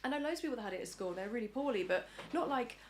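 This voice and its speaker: A woman's voice: on the high side, lively intonation, rapid-fire, a little hiss or hum. An English woman in a casual podcast interview, chatty and acting out the voices of people she quotes. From England. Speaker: podcast guest. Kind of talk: casual chat.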